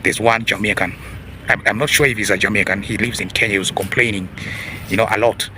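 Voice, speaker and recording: A man's voice: lowish voice, steady tone, quick pace, noisy background. A man hosting an opinion monologue, preachy, often asking the audience rhetorical questions. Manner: preachy, repeats "ladies and gentlemen" and rhetorical "huh?". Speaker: video host.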